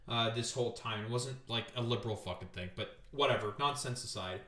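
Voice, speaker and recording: A man's voice: mid-range voice, animated, a little fast, hardly any pauses, bright, forceful tone. A man from Canada, hosting a casual political commentary stream, blunt, sarcastic and heavy on swearing. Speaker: streamer host. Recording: roomy echo.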